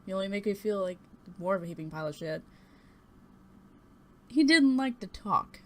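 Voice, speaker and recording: With a medium-pitched, darkish voice, lively intonation, and a moderate pace, a young woman talks to her webcam at home. She tells a personal story in a rambling, hesitant manner, swearing bluntly at times, recorded via desktop USB mic and webcam.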